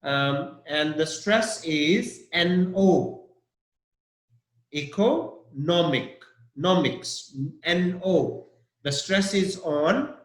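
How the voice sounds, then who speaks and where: Slow, deliberate male English teacher. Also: a little high, fairly bright tone, roomy sound, low-quality recording. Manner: slow, spells out letters and stresses syllables. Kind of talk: online vocabulary lesson.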